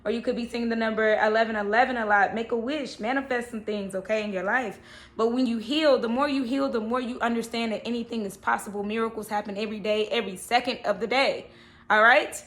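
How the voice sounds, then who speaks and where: A woman's voice: fairly high pitch, steady tone, fast talker, fairly bright tone. A woman giving a casual, chatty tarot reading, often checking in with "okay" and "all right". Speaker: tarot reader.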